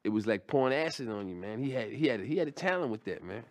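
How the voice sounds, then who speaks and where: A man's voice: mid-range voice, expressive, fast. Loose-talking male stand-up storyteller. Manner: loose, conversational, with many restarts and slang. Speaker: stand-up comedian.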